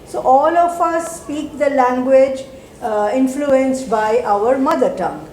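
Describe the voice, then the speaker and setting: Woman, Indian English accent, teacher, explains step by step, mixes in Hindi, higher voice, echoey room. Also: animated, slow pace, darkish tone. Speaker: teacher and mentor. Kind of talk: speaking at a group meeting. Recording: echoey room, faint background noise.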